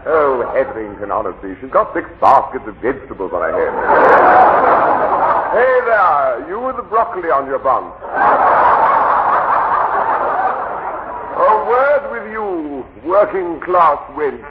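Posh, condescending English doctor, slow and lilting, heavy hiss on an old lo-fi recording. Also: male voice, on the high side, sing-song. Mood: haughty. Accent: upper-class English. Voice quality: plummy and condescending. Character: pompous upper-class male doctor of speech. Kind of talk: comedy sketch acting.

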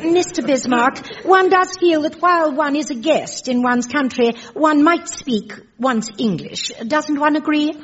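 A woman's voice: high-pitched, a little slow, few pauses. An actress playing a prim, haughty Victorian queen in a comedy sketch, speaking formally with the royal we. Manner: pompous, formal, stately. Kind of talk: comedy sketch with live audience. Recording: lo-fi recording.

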